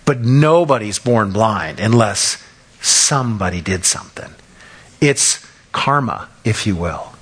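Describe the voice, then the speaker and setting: A man in his fifties preaching a sermon, telling stories in an animated way and acting out the people he quotes. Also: lowish voice, slow, husky. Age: 50s.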